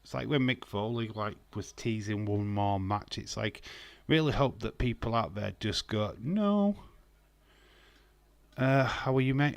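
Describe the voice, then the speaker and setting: Man, mid-pitch, self-mocking live-stream host, dry close mic. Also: dry recording. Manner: chatty and self-mocking, laughs often. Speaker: streamer hosting a wrestling watch-along. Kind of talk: casual live-stream chat with viewers.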